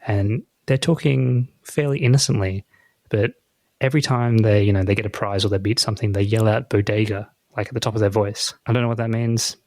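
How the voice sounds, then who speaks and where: A man's voice: lowish voice, steady tone, fairly quick, a little mellow, no echo. A middle-aged man co-hosting a podcast in casual chat, telling anecdotes bluntly and swearing freely. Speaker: podcast co-host.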